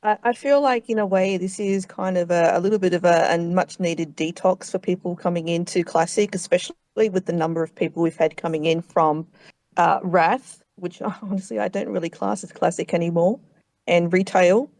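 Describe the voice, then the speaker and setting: A woman's voice: on the low side, steady tone, normal speed, a little mellow, dry recording. A woman speaking as a panelist on a casual gaming podcast, hesitant with frequent fillers. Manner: hesitant, many fillers and restarts.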